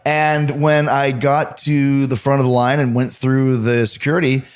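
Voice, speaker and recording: A man hosting a podcast, telling lively anecdotes in casual chat, swearing now and then. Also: medium pitch, unhurried. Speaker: podcast host.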